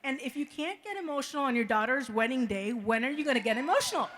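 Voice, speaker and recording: A middle-aged woman with a fairly high voice gives an emotional speech at a wedding reception as the bride's mother. She talks haltingly, repeating words as she expresses deep gratitude. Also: expressive, noisy background.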